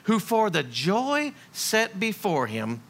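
A man preaching a sermon in a lively, blunt, joking way. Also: high voice, takes it slowly. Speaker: pastor.

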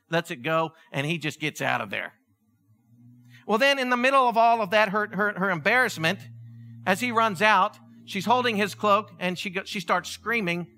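Man preaching, high bright voice, animated storytelling. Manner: animated storytelling, acting out voices, chuckling asides. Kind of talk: sermon.

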